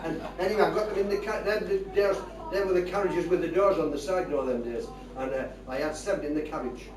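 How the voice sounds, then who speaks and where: A man's voice: fairly high pitch, fast. An older man with a Geordie accent, telling rambling comic stories on stage. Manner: chatty, rambling tall tales with a broad northern lilt. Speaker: stand-up comedian. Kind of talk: live stand-up storytelling. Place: stage before a live audience. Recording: echoey, distant live stage recording with crowd laughter. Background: audience laughing.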